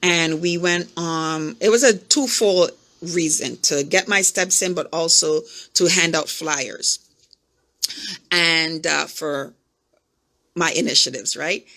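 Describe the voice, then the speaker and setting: Bright-voiced woman telling a story. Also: low-pitched, slow. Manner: animated, acts out the voices in her stories; speaks directly to her listeners. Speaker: podcast host. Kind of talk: personal storytelling, coaching talk.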